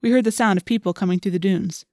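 A woman's voice: medium pitch, quick pace, warm tone, dry recording. Woman narrating a storybook, dry sound. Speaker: audiobook narrator. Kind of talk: first-person storybook narration.

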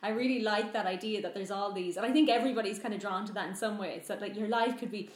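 A woman's voice: medium pitch, quick pace. Chatty woman in an echoey room. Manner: chatty, hesitant, restarts often. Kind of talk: casual chat about books.

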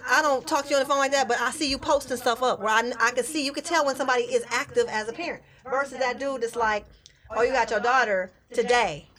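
A woman comedian chats casually, spinning animated stories. She talks fast in a fairly high voice and slips into the people she describes. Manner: animated storytelling, acts out quoted voices. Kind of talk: casual chat.

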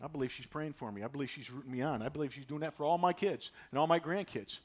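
A man in his sixties preaching a sermon, folksy and animated, driving points home with repetition. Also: fairly high pitch, quick pace. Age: 60s. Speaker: pastor.

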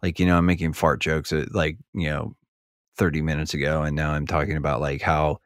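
A man's voice: extremely low pitch, level tone, fairly quick, no echo, studio quality. A man talking on a casual podcast, rambling with lots of filler words and getting heated as he goes. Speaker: podcast speaker.

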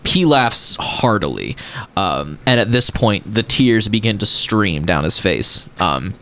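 Low-voiced guy narrating a tabletop game, lots of ums, voice goes up and down a lot. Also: sing-song, slow, bright, forceful tone, slight background noise. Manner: hesitant, full of fillers. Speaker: game master.

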